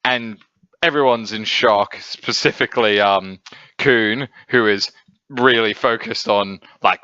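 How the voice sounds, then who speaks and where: An enthusiastic man recaps and reviews a comic in a loose, rambling monologue full of fillers, speaking from a home setup. His voice sits somewhat low but sounds bright and crisp. The recording is dry and close, with a slightly dull, lo-fi sound. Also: fairly even intonation, slow, no room sound. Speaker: manga and anime reviewer. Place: home setup, filmed at night. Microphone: camera setup.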